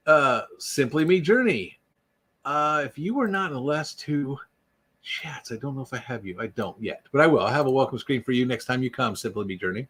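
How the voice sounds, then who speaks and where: A man's voice: a little high, sing-song, normal speed, pushed and bright, breathy edge. A man hosting an unscripted livestream, rambling and joking as he greets viewers by name. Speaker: YouTube livestream host. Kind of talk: casual unscripted live chat.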